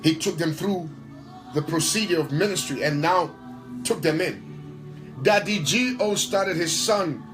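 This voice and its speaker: A man who serves as a pastor and worship leader speaks in an interview with a somewhat high voice. His delivery is emphatic and preacher-like, repeating phrases to drive his points home. Soft music plays faintly behind him. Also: rough recording. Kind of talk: interview answer, preacher-like talk.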